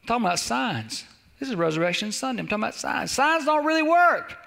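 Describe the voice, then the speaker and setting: A man's voice: very high voice, sing-song, quick pace, gravelly, pushed and bright. A man pastor preaching a sermon, exhorting and repeating calls to the congregation. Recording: long hall reverb.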